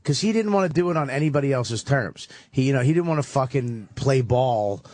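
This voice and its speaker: A comedian in a radio studio, telling animated, profane stories in casual talk. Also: male voice, mid-range voice, fairly quick, no room sound.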